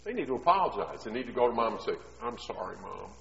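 A man's voice: mid-range voice, big pitch swings, racing, slight background noise. Middle-aged man preaching in an echoey hall. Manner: conversational storytelling that swells into loud emphatic preaching. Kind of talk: sermon. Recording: echoey hall, dull sound.

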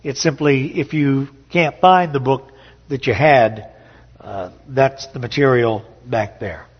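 A man giving a sermon-style talk to a morning gathering, telling a story slowly with frequent "uh" pauses. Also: medium pitch, slightly rough. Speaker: speaker at a morning church gathering. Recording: dull lo-fi audio with long hall reverb.

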